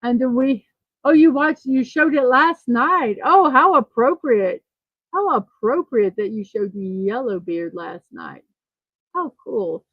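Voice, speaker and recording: A woman's voice: on the high side, animated, takes it slowly, no room sound, lo-fi sound. A woman hosting a casual livestream morning show, chatting, reading viewer comments aloud and fumbling a little with numbers.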